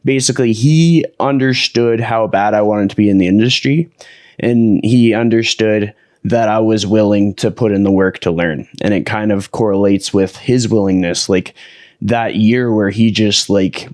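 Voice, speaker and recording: A man hosting a podcast in casual conversation, relaxed and loose, using many fillers. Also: lowish voice, normal speed, no room sound, clean studio sound. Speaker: podcast host.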